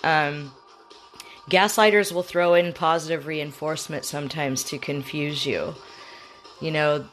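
A woman's voice: low-pitched, fairly even intonation, unhurried, fairly bright tone, soft background music. A woman talking straight to the listener, explaining things in a conversational, advising way. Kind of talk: advice talk to the viewer.

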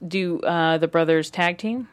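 A woman from the US Midwest, a comedian guesting on a chat show, bawdy and quick with comebacks. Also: fairly low pitch.

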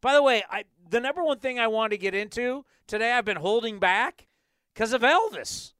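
A man hosting a sports talk show, ranting in an animated, emphatic way into a studio microphone. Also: very high voice, moderate pace, clean tone, no room sound. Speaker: sports podcast host.

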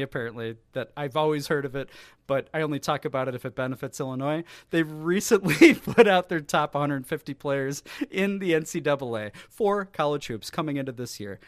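A man hosting a sports podcast, talking in a joking, teasing, excitable way. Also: on the high side, no echo, clean studio sound. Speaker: podcast host. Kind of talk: casual sports podcast banter.

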